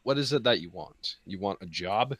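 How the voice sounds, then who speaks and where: A man voicing a calm, courteous gnome leader who keeps maps, speaking lower and quieter than his own voice, over an online video call. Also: moderate pace, husky, no echo, full character voice. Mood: polite. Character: calm gnome leader, polite male cartographer.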